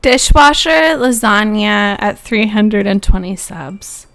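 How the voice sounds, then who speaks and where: A woman's voice: medium pitch, lively intonation, slow, vocal fry, fairly bright tone, clean tone. Woman streamer, casual live chat, blunt and profane. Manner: blunt, swears freely. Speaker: streamer reacting to videos.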